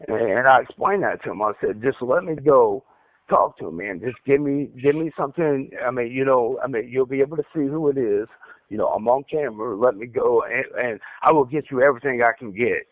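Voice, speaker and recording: A man's voice: medium pitch, brisk, no echo. A man telling his story over the phone, stuttering, repeating words and restarting his sentences. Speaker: caller recounting an interrogation. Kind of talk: casual phone account. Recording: tinny dry phone line.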